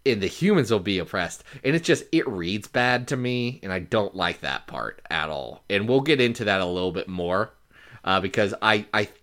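A man co-hosting a podcast in casual chat, animated, with many restarts and laughs. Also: lowish voice. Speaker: podcast co-host.

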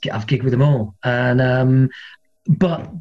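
A man, a comedian and guest, telling stories in a casual, animated way and acting out other people's voices. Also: medium pitch, takes it slowly, dull audio. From England. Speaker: guest, comedian and former metal singer. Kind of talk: casual storytelling.

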